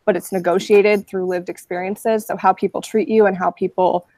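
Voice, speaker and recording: A woman's voice: mid-range voice, steady tone, normal speed, a little mellow, no room sound. Woman leading a class discussion, dry audio. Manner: summarizing readings and posing questions. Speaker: discussion leader in a class webinar.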